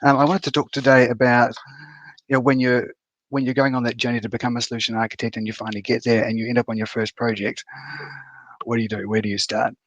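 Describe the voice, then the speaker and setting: A man's voice: medium pitch, level tone, quick pace, fairly bright tone, no echo, dull audio. A man in his fifties giving a conference talk over a video call, casual and full of fillers and restarts. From New Zealand. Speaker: conference speaker.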